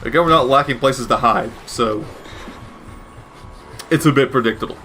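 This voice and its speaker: A man's voice: medium pitch, normal speed, sharp tone, faint music behind. Man giving wry, rambling game commentary. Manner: rambling, wry, self-correcting. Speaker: gaming commentator. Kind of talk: casual gameplay commentary.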